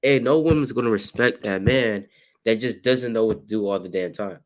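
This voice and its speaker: Male teacher with a low voice, slangy and animated, leads scripture talk. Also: brisk. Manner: animated, acts out scenes with sudden loud shouts; casual street slang.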